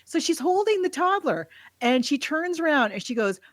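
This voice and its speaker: A woman co-hosting a podcast, chatting casually about a movie and telling scenes in an animated way. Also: high voice, no room sound. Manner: animated storyteller who acts out scenes with quick laughs. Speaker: podcast co-host.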